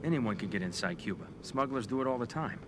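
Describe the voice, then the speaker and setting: A man's voice: mid-range voice, expressive, fast, close to an everyday voice. Guy voicing a terse skeptical mob captain, plain mid voice, hissy game audio. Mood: guarded. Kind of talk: video game cutscene dialogue. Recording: game audio with noisy background.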